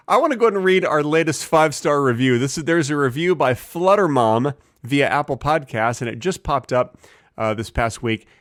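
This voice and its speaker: Deadpan man rambling absurd jokes. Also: fairly high pitch, moderate pace, no echo, studio quality. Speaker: podcast co-host. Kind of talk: casual comedic chat.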